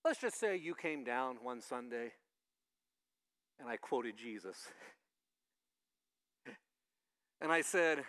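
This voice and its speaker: A male pastor giving a conversational sermon, lively and acting out the voices he quotes. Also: mid-range voice, slow pace, long pauses. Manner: animated, acts out quoted voices.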